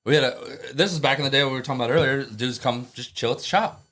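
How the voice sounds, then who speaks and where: A man's voice: mid-range voice, fast, fairly bright tone. A middle-aged man and tattoo artist telling rambling, profane stories in a casual podcast chat.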